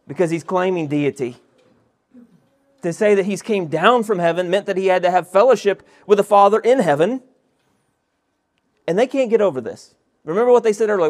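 A male pastor preaches an expository sermon, reading scripture verses aloud and posing rhetorical questions to listeners. His voice is high-pitched and darkish in tone, and he speaks briskly.

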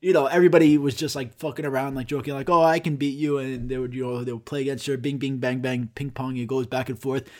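A man's voice: mid-range voice, fairly even intonation, fast, few pauses, darkish tone. A young man telling a rambling, profane comic story in casual chat, throwing in sound effects.

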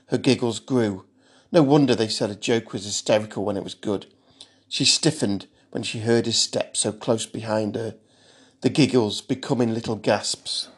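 Guy reading a thriller audiobook, steady and measured, middle pitch. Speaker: narrator.

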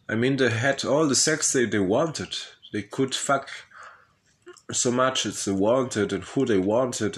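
Slow, low-voiced man rambling candidly. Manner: hesitant and profane, with frequent laughs and fillers. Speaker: vlogger telling his life story. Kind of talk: rambling personal monologue.

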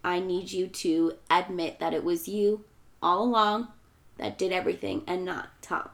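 A young adult woman co-hosting a podcast, briskly retelling a film plot in casual chat. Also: lowish voice, lively intonation, vocal fry. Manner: quick plot retelling, laughing asides. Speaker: podcast co-host.

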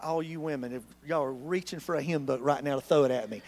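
A male pastor, preaching a sermon in a church in an animated, conversational way full of rhetorical questions. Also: a little high, fast talker, hardly any pauses.

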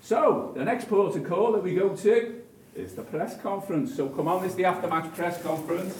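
A man leads a stadium tour in an animated, dramatic storyteller's way. His voice sits a little high and is caught from some distance. It echoes through the concrete corridors with a faint hum of ambience behind him. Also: a little fast. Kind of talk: guided tour talk. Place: indoor stadium corridors and tunnel.

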